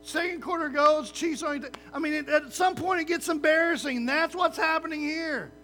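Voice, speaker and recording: A male pastor delivers a sermon in a very high, bright, forceful voice. He talks in a loose, conversational way, tosses in quick "right?" asides and leans on lively everyday comparisons. A faint hum sits under the recording. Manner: lively, uses sports comparisons.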